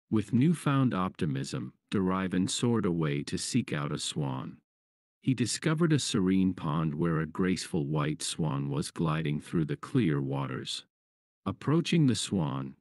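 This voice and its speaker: Deep-voiced man narrating a fable. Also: no room sound, studio quality. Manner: calm, measured storytelling. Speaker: storyteller. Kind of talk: scripted story narration.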